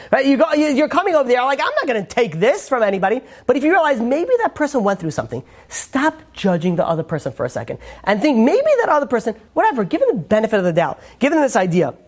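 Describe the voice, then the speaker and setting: A rabbi speaking quickly in a relaxed Torah class. He talks in a loose, chatty way, leans on casual fillers, and slips into voices for the people in his stories. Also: high-pitched. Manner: chatty, acts out quotes, many fillers.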